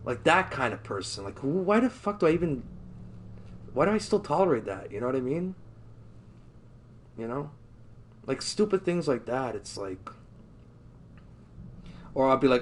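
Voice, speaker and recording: A man livestreams and chats casually with viewers, rambling with heavy fillers like "like" and "you know" and swearing casually. His medium-pitched voice has lively intonation and a moderate pace, with long pauses and a little hiss or hum.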